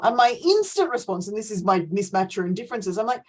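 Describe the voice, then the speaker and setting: A middle-aged woman coach talking in a casual group discussion, animated and ranting, often laughing between points. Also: on the high side, a little fast, hardly any pauses, breathy edge, low-quality recording.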